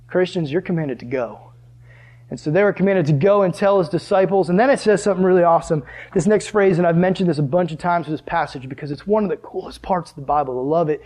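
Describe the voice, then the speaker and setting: A man preaching a sermon to a live audience in church, animated and often asking the crowd questions. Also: high voice, fast. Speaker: pastor.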